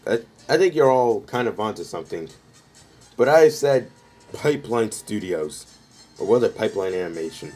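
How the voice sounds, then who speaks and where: A man's voice: fairly low pitch, animated, moderate pace, darkish tone, husky, faint music behind. A man making an unscripted comedy skit, bickering back and forth as though several people share the table. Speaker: creator of an improvised comedy skit.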